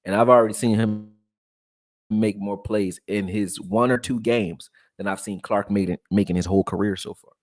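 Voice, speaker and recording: A man from Texas, raised in Philadelphia, breaking down football film and reading chat on a live stream in a loose, profane, animated way. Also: on the low side, normal speed, no room sound, studio quality. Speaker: sports commentary streamer.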